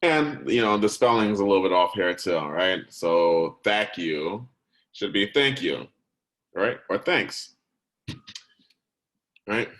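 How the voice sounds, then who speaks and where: A man's voice: sits low, lively intonation, slow pace, long pauses, fairly bright tone, poor audio. A man teaching a recorded lesson in a conversational way, often stopping to check in with "right?" and "okay?", and sometimes correcting himself partway through a word.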